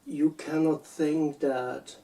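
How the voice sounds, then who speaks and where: A man from Germany with a German accent, speaking unscripted personal reflections in a hesitant, halting way with repeated words. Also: a little high, fairly even intonation, vocal fry, dark tone, far from the mic, rough recording. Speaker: video essayist.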